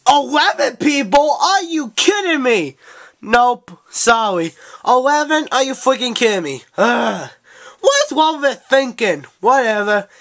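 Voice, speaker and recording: A woman's voice: high-pitched, very animated, a little slow, no room sound, exaggerated voice. A woman voicing a brash, impatient cat who hosts a talk show, bossing the guests around in a playful home-made show. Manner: bossy, impatient, sarcastic. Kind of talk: playful toy-show role-play. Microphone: handheld camcorder mic.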